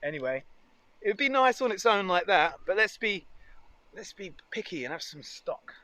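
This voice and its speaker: A man's voice: high voice, sing-song, normal speed, sharp tone, dry recording. A man chatting casually and cheerfully while cooking outdoors for a foraging vlog. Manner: chatty, upbeat, muses aloud. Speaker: foraging vlogger. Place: outdoors in nature.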